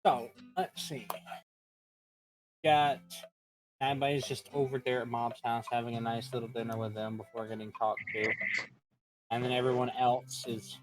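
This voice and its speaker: A man's voice: mid-range voice, flat delivery, normal speed, pauses often, poor audio. A man running a tabletop game over voice chat, wry as he herds his players along. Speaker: game master.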